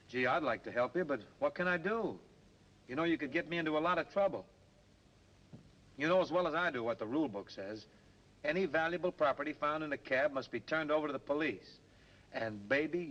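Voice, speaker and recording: A breezy crooner cabbie, lively delivery, 1930s film sound. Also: male voice, a little high. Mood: teasing. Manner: breezy, joking, chatty. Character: easygoing young male cab driver and crooner. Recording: dull old film soundtrack with hiss.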